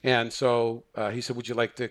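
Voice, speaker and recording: A man's voice: mid-range voice, level tone, moderate pace. A man, a therapist, telling a long personal story in a casual interview, rambling and correcting himself, acting out the dialogue he quotes. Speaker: guest, therapist.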